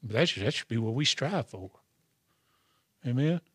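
A male pastor delivers a sermon in a husky voice of middling pitch. He preaches with call-and-response asides to his congregation. The sound is dry and close. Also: expressive, fairly quick, sharp tone, no echo.

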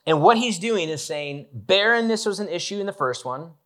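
A man preaching a relaxed, conversational sermon, joking with the congregation and talking with many fillers and restarts. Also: high-pitched, moderate pace. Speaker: pastor.

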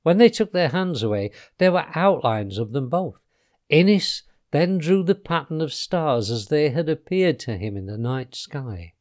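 A man reading a children's storybook aloud, his voice slightly raised in pitch and rising and falling in a lively way. He tells it expressively, with gentle drops at the ends of phrases. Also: a little slow. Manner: expressive, dropping softly on speech tags.

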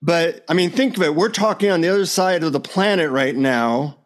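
Animated storytelling man, fairly high voice. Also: brisk. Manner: animated, anecdotal, chuckling. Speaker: podcast guest. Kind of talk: casual storytelling interview.

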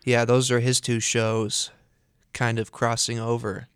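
A man's voice: medium pitch, completely flat delivery, measured pace, a bit bright, smooth, no echo, clean studio sound. A man co-hosting a radio show, chatting in an upbeat casual way. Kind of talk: casual chat. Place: radio studio.

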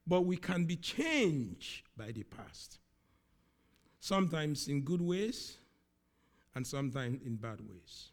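A man preaching a sermon, speaking slowly and with emphasis, often repeating key words. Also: fairly high pitch.

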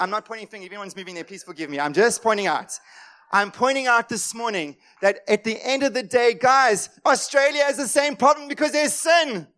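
A man preaching a sermon as pastor, impassioned, swinging between loud emphatic lines and quiet asides, and acting out the voices of worried people. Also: extremely high pitch, brisk.

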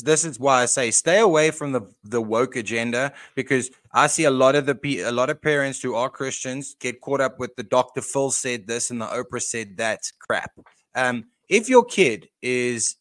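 A man's voice: medium pitch, a bit bright, dry recording. A man who is a guest on a podcast, speaking bluntly and often repeating words as he starts a thought. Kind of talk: casual podcast chat.

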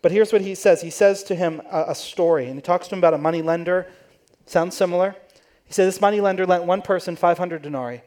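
In this sermon, the pastor speaks fast in a high-pitched, darkish voice. He recounts the story in a conversational way, performing each quoted voice.

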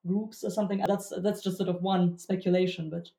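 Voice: medium pitch, level tone, a little fast, mellow. Hedging questioner in an echoey room. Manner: tentative, hedging, thinking aloud. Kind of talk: academic discussion question.

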